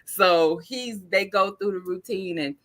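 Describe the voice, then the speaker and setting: A woman's voice: mid-range voice, unhurried, a bit bright. A woman hosting a podcast, chatting casually and acting out family stories with lots of quoted dialogue. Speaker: podcast host. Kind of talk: casual chat.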